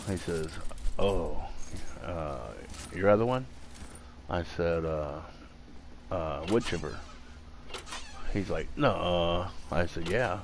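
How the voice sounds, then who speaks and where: A deep-voiced man takes his time, pausing at length, as he chats casually while gaming in a room at home. He's a streamer who rambles with lots of fillers and restarts. There's a slight hiss or hum.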